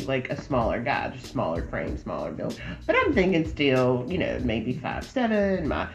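A woman on a podcast telling a dating story in a casual, lively way, acting out both sides of the conversation. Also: deep voice, reverberant, dull audio. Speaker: podcast guest.

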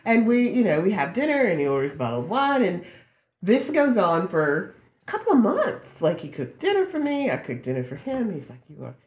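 A woman on a podcast telling a dating story in a casual, lively way, acting out both sides of the conversation. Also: medium pitch, fairly quick, echoey room, highs cut off. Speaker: podcast guest.

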